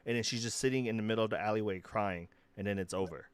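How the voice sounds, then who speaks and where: A young man, co-hosting a casual podcast chat and rambling through animated retellings. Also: on the low side, fast, clear, resonant tone, no echo. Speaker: podcast co-host.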